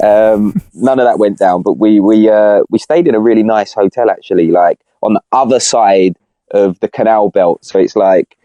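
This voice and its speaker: A man's voice: fairly low pitch, moderate pace, dark tone, dry recording. A young man on a podcast, chatting casually in rambling slang with lots of restarts. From Britain. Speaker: podcast co-host. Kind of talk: casual chat.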